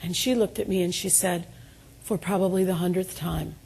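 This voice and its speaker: Speaking before an audience in an event room, a middle-aged woman delivers a motivational keynote, telling stories with self-deprecating humor and calling for responses. Her voice is lowish, gravelly, a little mellow and slightly rough, with a steady tone at normal speed.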